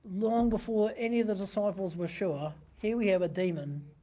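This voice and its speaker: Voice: medium pitch, normal speed, warm tone. A pastor giving a sermon, teaching conversationally from a printed text and often asking the listeners rhetorical questions.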